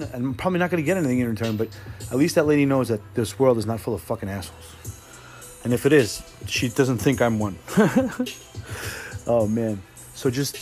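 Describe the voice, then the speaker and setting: A young adult man hosting a casual solo podcast, telling a story in a profane, rambling way and often correcting himself. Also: medium pitch. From New Jersey. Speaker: podcast host.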